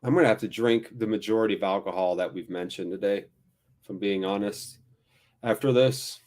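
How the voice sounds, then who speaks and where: Low-voiced man commentating a football watchalong. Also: a little fast, a little mellow. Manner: wry, self-deprecating live commentary. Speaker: watchalong host.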